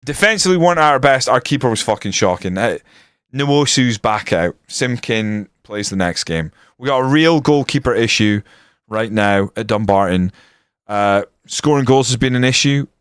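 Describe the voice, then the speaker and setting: A man commentating his football management game on a live stream, swearing and ranting, then breaking into excited match commentary. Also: medium pitch, normal speed, clear, resonant tone, no room sound, studio quality.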